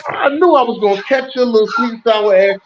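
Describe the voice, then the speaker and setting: A man co-hosting a podcast, loud and profane, teasing the others and repeating himself in a heated casual sports debate. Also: extremely high pitch, a little slow, background noise. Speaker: podcast co-host. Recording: dull lo-fi audio.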